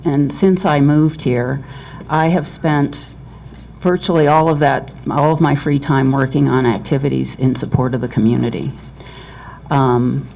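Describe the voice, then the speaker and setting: A council candidate gives an earnest closing statement in a slightly halting way. The voice sits at a middle pitch, with faint noise behind it. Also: a little mellow, rough recording.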